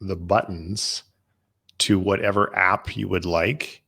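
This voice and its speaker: A man from Western Canada, a podcast guest, talking in a relaxed, matter-of-fact way and explaining gear. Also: deep voice, slow, gravelly, husky. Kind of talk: casual interview chat.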